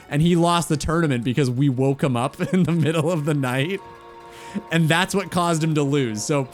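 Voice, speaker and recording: A man chatting casually on a gaming stream, rambling and swearing offhandedly. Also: on the high side.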